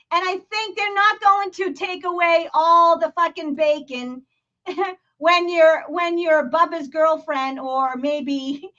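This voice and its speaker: A woman's voice: very high-pitched, a bit bright, highs cut off. A woman with a Boston accent hosting a live stream, ranting profanely and laughing as she comments. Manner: profane, heated, laughing rants. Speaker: host. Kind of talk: livestream commentary.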